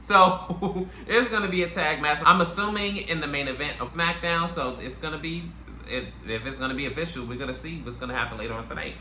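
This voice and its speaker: A man hosting a casual wrestling review channel, talking in an animated, slangy way with a New York accent. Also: on the high side, fairly quick. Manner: animated, slangy, puts on playful voices. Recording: echoey room, faint noise.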